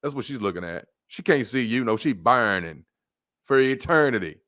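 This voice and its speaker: A man preaching a blunt, mocking sermon, dropping to low mutters and jumping to loud outbursts. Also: lively intonation, normal speed. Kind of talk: fiery street-style sermon.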